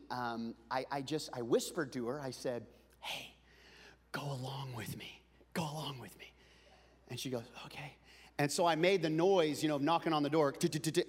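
A man preaching a comic storytelling sermon, animated and building up to shouting. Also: a little high, in a large hall. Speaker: pastor.

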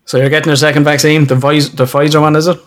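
A man's voice: fairly high pitch, flat delivery, quick pace. A middle-aged man co-hosting a podcast with his son, joking, swearing and laughing often. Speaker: podcast co-host, father. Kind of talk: casual chat.

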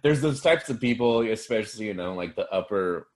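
A man's voice: on the low side, lively intonation, a little fast. A man in his twenties, a podcast guest chatting casually and joking with a laugh. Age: 20s. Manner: laid-back, laughing, joking. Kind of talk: casual chat.

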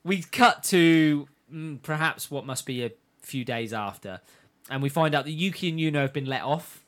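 A man talking casually among friends, recapping a story scene by scene in a slightly high voice. He swears freely, drops into short voiced quotes and laughs often. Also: animated, moderate pace. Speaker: podcast co-host recapping an anime. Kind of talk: casual chat, retelling a plot.

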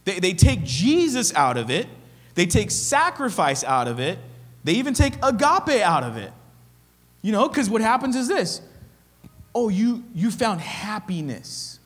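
A man pastor delivering a sermon in a high voice that rises and falls in lively swings. He presses his points hard, repeats phrases and keeps asking his listeners "okay?". The sound carries a long reverb, as from a hall. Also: normal speed.

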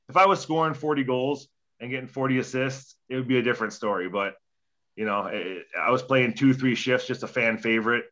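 A man's voice: mid-range voice, a little fast, fairly bright tone, dull audio. A young man, a former hockey player, telling a story in a casual interview, profane and rambling, acting out quoted dialogue.

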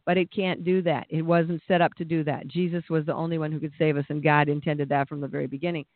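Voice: mid-range voice, little pitch movement, fast, dry recording. A preacher giving a conversational sermon, plain-spoken, with restarts and acted-out voices. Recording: tinny phone-like dry sound.

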